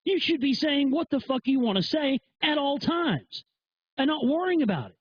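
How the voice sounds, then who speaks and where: A man's voice: extremely high pitch, big pitch swings, normal speed, dull audio, a little hiss or hum. A man hosting a live internet talk show, delivering a profane, emphatic, heated rant. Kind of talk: ranting monologue.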